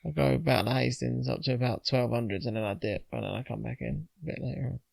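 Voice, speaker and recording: A man's voice: mid-range voice, steady tone, quick pace, gravelly, darkish tone, dry recording. A man on a casual podcast, telling an anecdote and laughing through it. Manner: storytelling, laughs at his own anecdote. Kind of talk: casual chat.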